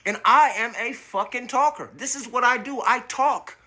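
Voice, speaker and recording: A man's voice: very high-pitched, moderate pace, pushed and bright. A man hosting a podcast, delivering an indignant, profane monologue and stumbling over repeated words when he gets worked up. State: coughing from smoking. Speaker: podcast host. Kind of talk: angry monologue.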